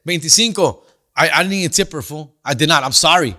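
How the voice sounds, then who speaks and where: La comedian guy, bright sharp voice, slangy and cussing, chatty podcast host. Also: fairly high pitch, fast. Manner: slangy, profane, animated storyteller; answers listener questions. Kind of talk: casual comedic storytelling.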